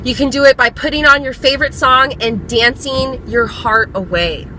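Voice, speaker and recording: A young woman talks straight to her viewers in a candid pep talk, earnest and encouraging with plenty of blunt swearing. Her voice is a little high and very bright and forceful, with a faint hum of outdoor noise around her. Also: normal speed, poor audio. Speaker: vlogger. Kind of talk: candid motivational talk to camera.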